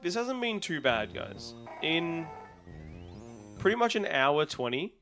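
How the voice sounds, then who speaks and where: On a live stream, a young Australian man rambles casually and a bit tiredly, yawning some, while talking to chat as he resets a game. His voice is fairly high and very animated, though his pace is slow. Music plays in the background.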